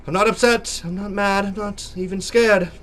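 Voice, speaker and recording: A man's voice: high-pitched, fairly even intonation, normal speed, fairly bright tone, slight background noise. A young man with a sore throat giving jokey, theatrical let's play commentary as a gaming YouTuber.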